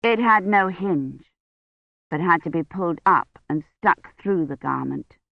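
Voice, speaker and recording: A woman narrating an audiobook in a measured, steady way. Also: lowish voice, gravelly, no room sound, phone-quality sound. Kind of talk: scripted narration.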